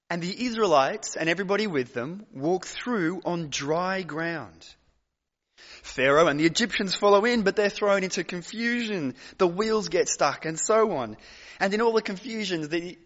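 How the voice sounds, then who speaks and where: Male pastor, high voice, emphatic sermon delivery with long pauses; dull recording, long hall reverb. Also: a bit bright. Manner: emphatic, dramatic pauses and repetition.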